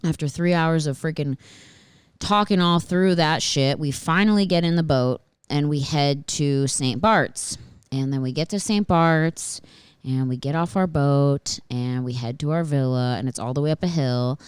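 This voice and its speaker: A woman with a low, smooth voice hosts a podcast, telling a story in a loose, animated way full of swearing and fillers. She is close to the mic in a dry, dead room. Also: measured pace, dry recording. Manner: animated and profane, with frequent swearing and filler words. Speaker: podcast host. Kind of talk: casual storytelling monologue.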